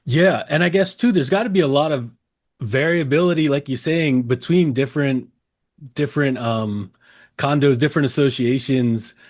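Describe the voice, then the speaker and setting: A man with a mid-range voice and normal pace hosts an interview show, chatting casually. He thinks out loud, restarts his sentences, and checks in with his guest.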